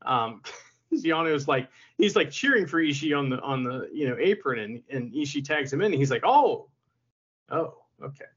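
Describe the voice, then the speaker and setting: A man's voice: medium pitch, lively intonation, brisk, a bit bright, husky, dull audio. A man co-hosting a podcast in casual chat, who laughs a lot and acts out quotes in silly voices. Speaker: podcast co-host.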